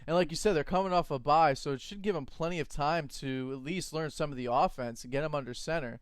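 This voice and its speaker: A man co-hosting a fantasy football show with animated, opinionated chatter. His voice is smooth and clear and sits slightly high. The sound is dry and close. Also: fast, no room sound. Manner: animated, laughs easily, opinionated. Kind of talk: casual sports chat.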